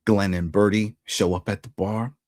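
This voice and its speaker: A TV recap host with a fairly low voice speaks at a moderate pace, chatting casually and performing the characters' quoted lines with animation. He's an adult man who used to be an altar boy, and the sound is clean studio audio with no room sound.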